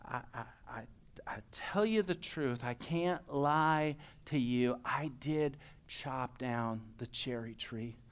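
Man doing an earnest boy, low slow voice, stammering confession. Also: smooth, natural voice. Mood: solemn.

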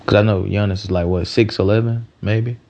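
Male sports host, gravelly and low, rambling and profane, dull lo-fi recording. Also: fairly even intonation, a little fast, darkish tone, a little hiss or hum. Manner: rambling, loose and profane, many restarts. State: a little tired. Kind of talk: casual sports talk.

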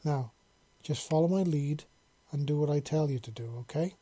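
A man voicing a gentle, lizard-like female lover who speaks softly and coaxingly, quietly commanding. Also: on the high side, normal speed, slightly rough. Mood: soft, tender.

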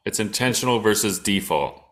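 A man's voice: lowish voice, expressive, normal speed, a bit bright. A man co-hosting a podcast in casual chat, listing examples and chiming in agreeably. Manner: conversational, lists examples, agreeable interjections. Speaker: podcast co-host.

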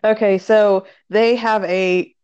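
A woman's voice: slow pace, smooth, muffled recording. A woman telling a funny story in a casual chat, laughing often and raising her voice when she acts it out. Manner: laughs a lot, animated retelling with pitch jumps.

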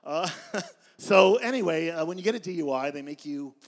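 A man in his fifties giving a live poetry reading in a bar, with deadpan, self-mocking storytelling. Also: a little high, normal speed. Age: 50s. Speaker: poet.

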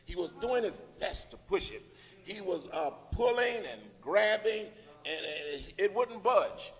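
High-voiced preacher echoing in a church. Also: male voice, animated, measured pace, a bit bright. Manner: call-and-response preaching, rising emphatic phrases. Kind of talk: sermon. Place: church sanctuary. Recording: long reverb in a church hall.

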